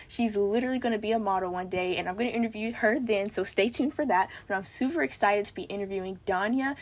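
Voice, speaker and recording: A teenage girl hosting a casual podcast interview, bubbly and upbeat, with lots of "like" fillers. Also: mid-range voice. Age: teens. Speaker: podcast host.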